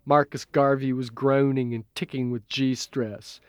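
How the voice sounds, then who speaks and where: A man's voice: medium pitch, flat delivery, unhurried, smooth, dry recording. Man reading an audiobook, dry sound. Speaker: audiobook narrator. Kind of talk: scripted narration.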